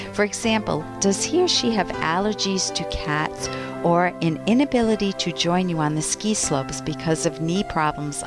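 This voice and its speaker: Woman host, lowish voice, chatty advice talk, faint music behind. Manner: chatty, personal storytelling with asides. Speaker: relationship advice podcast host. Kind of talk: conversational advice monologue and book reading.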